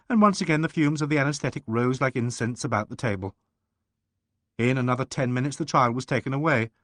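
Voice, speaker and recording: Guy narrating an audiobook, really lively up and down voice, dry close sound. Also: mid-range voice, no room sound. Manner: expressive, animated reading.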